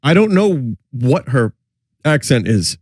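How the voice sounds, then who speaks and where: A man's voice: medium pitch, very animated, takes it slowly, darkish tone, slightly rough, no echo, clean studio sound. A man from the New York area chatting casually as a streamer, mocking old commercials with wry, joking remarks. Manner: wry, mocking, laughs often. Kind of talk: casual chat with jokes.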